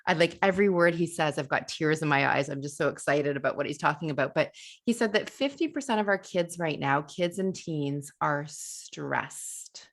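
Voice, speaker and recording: A woman's voice: sits low, moderate pace. A woman hosting a live podcast, talking enthusiastically and emphatically about parenting and children's stress. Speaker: podcast host.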